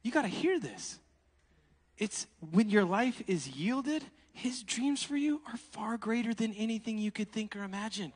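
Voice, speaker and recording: A man preaching a sermon, animated and laughing, swinging between loud exclamations and hushed asides. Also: high-pitched, a little slow, big-room sound.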